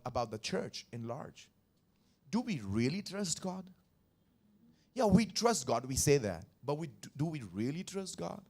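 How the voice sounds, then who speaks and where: A man preaching a Sunday sermon as pastor, repeating phrases and putting questions to the congregation. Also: fairly high pitch. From India. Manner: emphatic, repetitive, questions the congregation. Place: church service.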